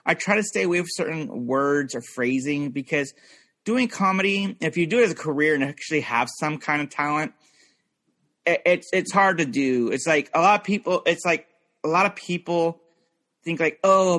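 A man's voice: fairly high pitch, moderate pace, fairly bright tone. A young man in casual chat, rambling with lots of fillers and restarts.

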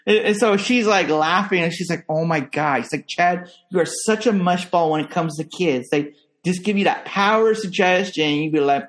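A young man from Northern California with an American accent, telling stories in a casual chat and jumping into high voices for other people. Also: moderate pace.

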